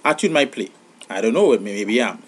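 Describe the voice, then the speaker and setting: A young man giving comic advice in an animated, exasperated vlog monologue. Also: fairly quick, background noise. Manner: animated, exasperated, rising to high outbursts. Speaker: vlogger.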